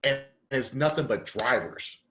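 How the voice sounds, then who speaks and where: A young adult man on a podcast, telling a story casually with heavy slang and animated back-and-forth dialogue. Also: medium pitch, measured pace, faint music behind. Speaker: podcast co-host.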